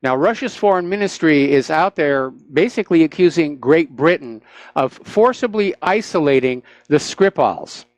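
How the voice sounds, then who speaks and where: A man's voice: a little high, expressive, moderate pace, no room sound. A man hosting a talk radio show, giving opinionated, sarcastic commentary with frequent "uh" fillers into a studio microphone.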